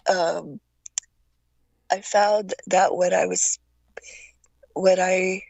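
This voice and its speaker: Gravelly older woman telling stories. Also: fairly low pitch, steady tone, very slow, darkish tone, no room sound, highs cut off. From Taiwan. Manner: stammering, acts out voices in her stories. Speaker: guest. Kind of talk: casual storytelling.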